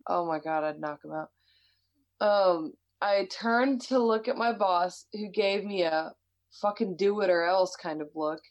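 A woman's voice: fairly low pitch, measured pace, low-quality recording. A woman with an American accent, casually chatting and reading a listener's story aloud, laughing often and swearing freely. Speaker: podcast co-host.

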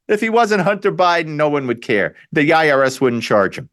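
A man's voice: fairly high pitch, fairly quick, hardly any pauses. A man hosting a talk radio show, delivering an opinionated, sarcastic political monologue with frequent restarts. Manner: animated, sarcastic, repeats himself and restarts.

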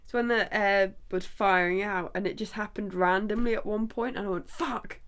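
A woman's voice: mid-range voice, fairly even intonation, normal speed, smooth. A woman chatting casually as a podcast co-host, giggly, frank and sweary. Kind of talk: casual chat.

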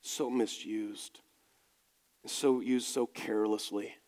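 A man voicing an older, godly church elder who speaks in a soft, slow, hushed and pleading way. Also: lowish voice, steady tone, long reverb tail, voice pushed down. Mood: sorrowful.

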